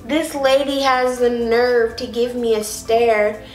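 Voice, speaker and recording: A young woman telling an exasperated, animated story about a trip to the movies, in a sassy, casual vlog style. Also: on the high side, slow pace. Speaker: vlogger. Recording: roomy echo, faint music behind.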